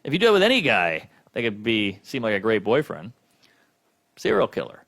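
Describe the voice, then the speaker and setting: A man's voice: fairly low pitch, huge pitch swings, a little fast, vocal fry, a bit bright. A male comedian doing stand-up with a dry, self-deprecating delivery.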